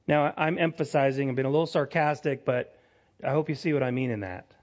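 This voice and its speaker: A man preaching a sermon in an earnest way, pressing hard on his key points and dropping soft when he acts out an apology. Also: mid-range voice, steady tone, a little fast, lo-fi sound. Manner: earnest, rising to emphatic peaks, drops soft for quoted apologies. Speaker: pastor.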